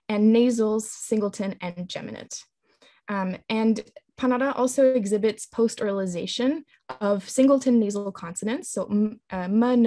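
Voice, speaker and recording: A woman presenting a linguistics talk with slides, explaining in a measured way with frequent ums and restarts. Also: mid-range voice, dark tone, no echo.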